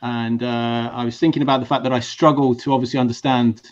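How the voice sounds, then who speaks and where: Chatty male host, casual video-call chat, restarts, mid pitch, dull lo-fi sound. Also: level tone, fast. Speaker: talk show host. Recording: dull lo-fi stream audio.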